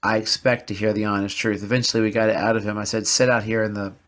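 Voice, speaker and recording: A man's voice: lowish voice, flat delivery, fast, a bit bright. A man hosting a podcast, telling a personal story in an earnest, confessional way and repeating words for emphasis. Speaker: podcast host. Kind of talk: personal reflective podcast monologue.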